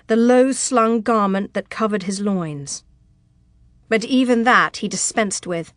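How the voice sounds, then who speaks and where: A woman narrating a romance audiobook in a slow, even, measured way. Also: mid-range voice, no room sound, studio quality. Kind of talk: scripted narration.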